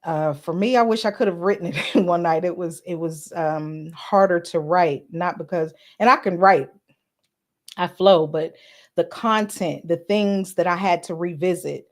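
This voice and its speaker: Chatty woman podcast host greeting viewers. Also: fairly low pitch. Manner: chatty, greets live commenters by name; earnest and personal, some filler words. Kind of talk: live-stream casual chat.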